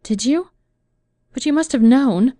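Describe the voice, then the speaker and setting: A woman's voice: high-pitched, animated, measured pace, dark tone, no room sound, clean studio sound, voice pushed up. A woman voicing a heartbroken young woman in an audiobook, speaking in a pleading, emotional way. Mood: wistful.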